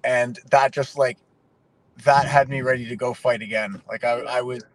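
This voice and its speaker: A young man from Canada, a fighter guest telling stories casually in an interview, relaxed and peppered with "like" and "man". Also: mid-range voice, normal speed, no echo. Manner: laid-back, swears casually, says "like" and "man" often.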